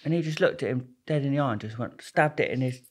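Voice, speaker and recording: Brief: young bloke, casual podcast guest, chatty and rambling, laughs often. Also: male voice, mid-range voice, quick pace, slightly rough. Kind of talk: casual storytelling.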